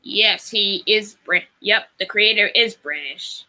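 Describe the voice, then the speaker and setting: A woman's voice: mid-range voice, takes it slowly, sharp tone, poor audio. A woman chatting casually, playful and eager with ideas. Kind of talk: casual chat, playful skits.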